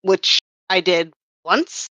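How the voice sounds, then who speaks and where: A woman's voice: on the low side, slow pace, pushed and bright, dry recording. A woman who worked as a comics writer and colorist, chatting casually on a podcast and rambling with wry self-corrections.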